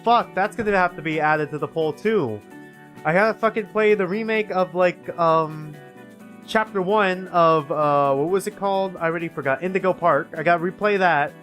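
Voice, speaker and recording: A man's voice: high voice, moderate pace, a bit bright, faint music behind. A young man streaming a game, chatting casually, swearing freely and reading the story aloud.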